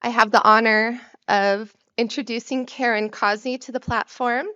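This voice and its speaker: A woman's voice: on the high side, fairly even intonation, moderate pace, pushed and bright, smooth, muffled recording. A woman hosting an event, reading a scripted introduction in a formal, announcing way. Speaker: event host.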